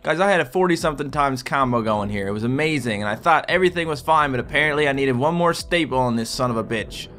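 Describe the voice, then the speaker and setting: Gaming host, male, excitable and sweary, forceful bright tone, faint music behind. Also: mid-range voice, fast talker, hardly any pauses. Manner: excitable, swears, yells at the patients. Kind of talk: let's play commentary.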